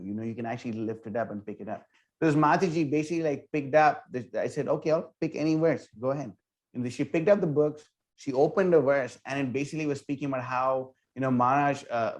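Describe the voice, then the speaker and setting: A man who leads a temple's book distribution team tells a story in a casual interview, talking in an animated way, full of "like" and "you know". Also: medium pitch, fast talker. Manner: animated, filler-heavy, with many "like" and "you know".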